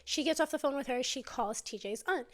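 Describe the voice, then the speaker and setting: Chatty woman with a higher voice. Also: brisk. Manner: chatty, dramatic retelling with quoted dialogue. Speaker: storyteller. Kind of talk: casual storytime retelling.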